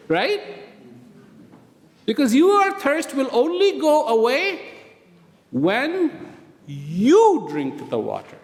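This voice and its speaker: Man, high voice, lively pitch, motivational talk, rhetorical questions, long reverberant hall. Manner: slow, deliberate, asks many rhetorical questions. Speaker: speaker addressing prison inmates. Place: prison hall.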